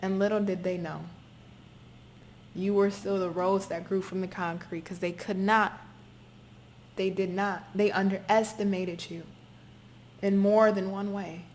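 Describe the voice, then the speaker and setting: A woman reading tarot for her viewers in a forceful, repetitive way. She drops casual swearing into the reading and talks at a middling pitch. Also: level tone, unhurried, long pauses, slight background noise. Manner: emphatic, repetitive, swears freely. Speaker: tarot reader. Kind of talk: spoken tarot reading to camera.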